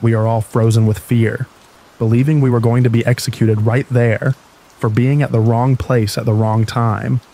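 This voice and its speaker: Man, scary story narrator, calm bedtime reading, steady monotone delivery. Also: mid-range voice, poor audio. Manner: slow, even, soothing bedtime reading.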